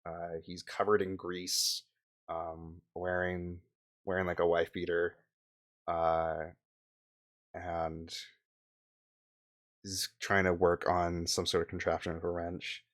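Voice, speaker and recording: A deep-voiced man running a tabletop role-playing session narrates scenes in a monotone, hesitating often and filling gaps with filler words.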